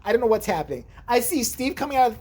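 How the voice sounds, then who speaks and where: Woman, husky low voice, lively swings in pitch, profane rambling vlog storytelling, acts out quotes. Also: quick pace. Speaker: vlogger. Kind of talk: casual storytelling.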